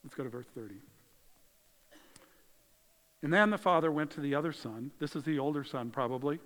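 A man preaching a sermon in a conversational way, swinging between loud emphasis and hushed moments, in a church. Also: on the high side, brisk. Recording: long hall reverb.

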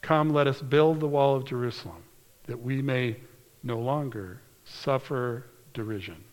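A man preaching a sermon, reading scripture aloud in an earnest way and slowing down or dropping to a hushed whisper for emphasis. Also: mid-range voice. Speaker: pastor. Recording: long hall reverb.

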